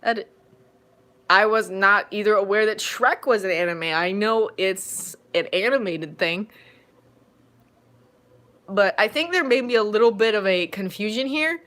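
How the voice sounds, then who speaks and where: A chatty adult woman at home hosts a casual live-stream Q&A about her fanfiction readings. She rambles easily and leaps into sudden excited bursts, in a voice of ordinary middle pitch for a woman. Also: a little slow, pauses often. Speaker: fanfiction audiobook narrator and streamer.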